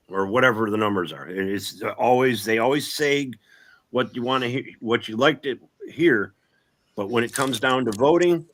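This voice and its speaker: Blunt, low-voiced man swearing in casual chat. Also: a bit bright. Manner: blunt, sarcastic, swears freely.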